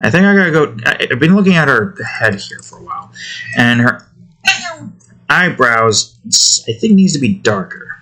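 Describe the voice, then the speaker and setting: A man's voice: medium pitch, big pitch swings, normal speed, bright, forceful tone. A man talking casually to himself while drawing digital art, muttering about his work and snapping at his cat. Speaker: artist drawing on stream.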